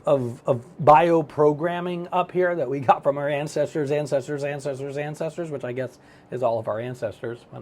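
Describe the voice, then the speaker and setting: Middle-aged male self-help speaker, lively storyteller, a bit higher-pitched than most men. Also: vocal fry. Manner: animated, storytelling, acts out his own thoughts. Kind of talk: motivational talk to camera.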